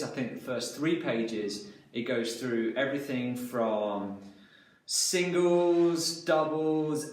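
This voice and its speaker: Male drum instructor, calls out sticking step by step, recorded far off in a roomy space. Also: mid-range voice. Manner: talks through drum patterns, counting hands aloud. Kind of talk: instructional lesson. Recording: echoey room, mic far off.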